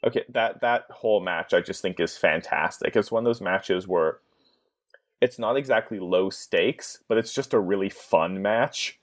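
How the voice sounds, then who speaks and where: A man with a fairly low voice talks casually as a podcast guest. He is chatty and keeps breaking into laughter at his own ideas. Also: moderate pace.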